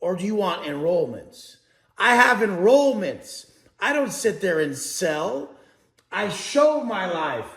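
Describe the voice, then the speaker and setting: A man's voice: high voice, sing-song, takes it slowly, gravelly, fairly bright tone, roomy sound. A man giving a blunt, profane motivational talk as a coach, preaching to his audience.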